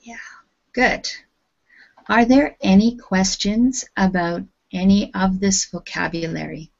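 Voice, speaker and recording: A woman teaching an English vocabulary class, speaking patiently and enunciating every word clearly. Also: medium pitch, fairly even intonation, takes it slowly, a little mellow, highs cut off.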